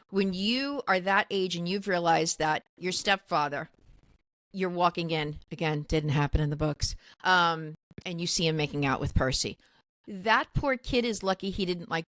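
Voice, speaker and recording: A woman's voice: fairly low pitch, normal speed, fairly bright tone, dry recording. A woman co-hosting a podcast in casual chat, emotional and gushing as she talks. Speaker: podcast co-host.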